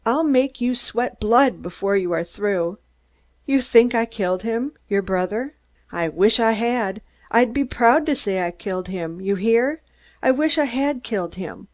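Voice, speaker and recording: A woman reading an audiobook, voicing a stunted, excitable man who rants in shrill, staccato bursts. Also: a little slow. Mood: gloating. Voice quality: shrill, squeaky. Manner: screaming, staccato, gloating.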